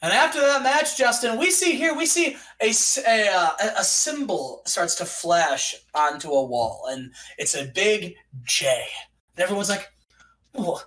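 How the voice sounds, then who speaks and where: A man's voice: high voice, expressive, moderate pace, bright, forceful tone. A young man hosting a casual let's-play, joking and narrating in a hyped, playful way. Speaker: gaming channel host.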